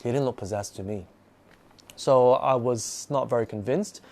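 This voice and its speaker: Guy rambling through his spooky stories live, lots of restarts, middle pitch. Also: darkish tone. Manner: rambling, full of restarts, acts out scenes with sudden bursts. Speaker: host telling personal ghost stories. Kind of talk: live-streamed storytelling.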